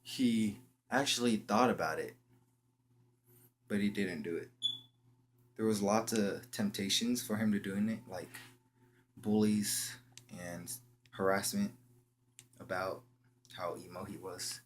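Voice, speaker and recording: Low-voiced young guy telling a story. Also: slight background noise. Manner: slangy, halting, with frequent restarts. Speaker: vlogger. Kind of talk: casual storytelling.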